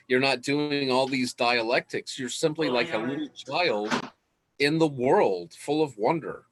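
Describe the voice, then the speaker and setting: A man's voice: mid-range voice, fairly bright tone, no room sound. A man teaching in a casual lecture, enthusiastic and laughing often as he talks.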